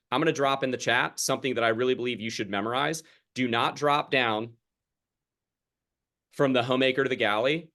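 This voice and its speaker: A man's voice: mid-range voice, a bit bright. A young man coaching a sales team over a video call, chatty and casual, acting out exchanges with customers. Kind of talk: sales training talk on a group video call.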